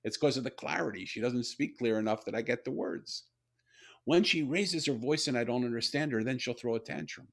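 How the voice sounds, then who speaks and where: An older man telling a personal story in a conversational interview, animated and repeating words as he builds his point. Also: medium pitch, fairly quick, creaky. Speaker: guest, author and CEO.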